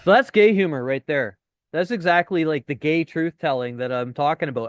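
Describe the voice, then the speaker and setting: A man's voice: on the high side, brisk, dry recording. Casual, chatty male dating coach. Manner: chatty, swears, acts out deadpan lines. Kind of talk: casual webinar teaching.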